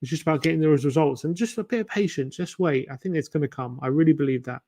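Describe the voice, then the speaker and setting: A man's voice: a little high, fast, dark tone. A man hosting a fan livestream, chatting casually and muttering his guesses to himself as he plays a quiz. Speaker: fan channel host. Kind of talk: casual livestream chat while playing a quiz.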